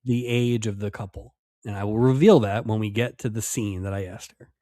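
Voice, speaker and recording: A man co-hosting a podcast, wry and quick to laugh, teasing his co-host. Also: on the low side, steady tone, dark tone, dry recording, studio quality. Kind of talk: casual chat.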